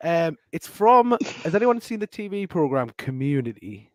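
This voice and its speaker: A man's voice: a little high, sing-song, moderate pace, dry recording. Playful man co-hosting a podcast. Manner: playful, self-mocking. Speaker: podcast co-host. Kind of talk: casual podcast chat.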